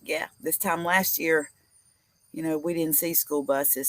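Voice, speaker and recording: A woman's voice: deep voice, fairly bright tone, no room sound. A woman hosting a live recovery stream as a peer support host, teary and affectionate, rambling with many fillers. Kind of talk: casual live-stream talk.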